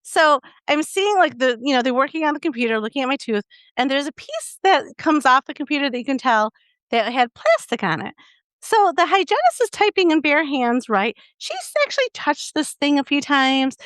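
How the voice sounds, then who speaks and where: A woman's voice: high-pitched, a bit bright, no room sound. A young adult woman co-hosting a podcast in casual chat, telling a story animatedly with lots of fillers and acted-out quotes. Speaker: podcast co-host.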